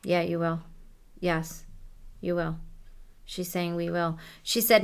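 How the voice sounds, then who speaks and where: A woman working as a psychic medium, softly relaying messages during a reading in a casual, conversational way. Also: on the low side, steady tone, slow, long pauses, clean tone.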